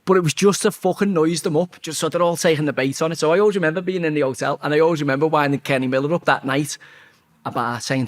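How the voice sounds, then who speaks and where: A man, telling a football story in a blunt, sweary, animated way during a casual interview. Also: a little high, quick pace.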